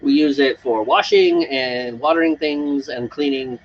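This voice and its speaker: A man's voice: a little high, very animated, unhurried, vocal fry, lo-fi sound, slight background noise. A man co-hosting a homebrewing live stream outdoors on a porch, chatting casually and rambling with frequent laughs. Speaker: homebrew show co-host. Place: front porch patio, outdoors.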